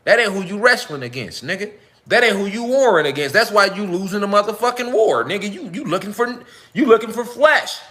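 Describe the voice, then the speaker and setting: High, bright-voiced profane monologuing man. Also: big pitch swings, brisk. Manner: profane, emphatic, repeats rhetorical questions. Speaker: online talk host. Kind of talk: casual monologue to viewers.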